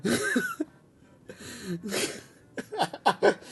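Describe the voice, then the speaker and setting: Husky, exasperated comedic script reader. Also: medium pitch, huge pitch swings, drawn-out words, a bit bright. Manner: exasperated, laughing rants. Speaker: channel host reading a fan script. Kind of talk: comedic script reading with ranting commentary.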